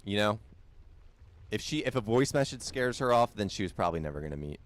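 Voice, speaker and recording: Deep-voiced man chatting on a game stream. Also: big pitch swings, a little fast. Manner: chatty, repeats himself, answers viewer chat. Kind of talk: casual live-stream chat while gaming.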